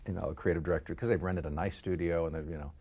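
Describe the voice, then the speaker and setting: A middle-aged voice-over actor from the Kansas City area with a deep voice, telling stories in a casual interview and jumping into quoted voices. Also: male voice, rapid-fire, breathy edge. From Kansas City area, United States. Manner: animated, jumps into quoted voices.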